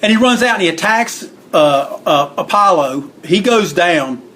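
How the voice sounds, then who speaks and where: A man's voice: lively intonation, moderate pace, sharp tone. A man being interviewed about the wrestling book he wrote, telling long casual stories and acting out quotes in a raised voice. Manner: rambling, acts out quotes with raised pitch. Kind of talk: casual storytelling.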